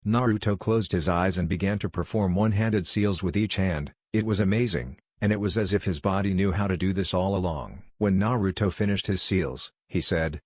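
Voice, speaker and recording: A man narrating fan fiction aloud in a steady, even reading manner. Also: deep voice, normal speed, few pauses, dry recording, studio quality.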